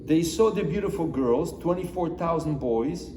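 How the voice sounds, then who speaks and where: A man, a rabbi, teaching a lively Torah lesson, putting questions to his listeners and mixing in Hebrew phrases. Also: on the high side, moderate pace. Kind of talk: animated Torah lesson to a small group. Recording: echoey room with long reverb, faint noise.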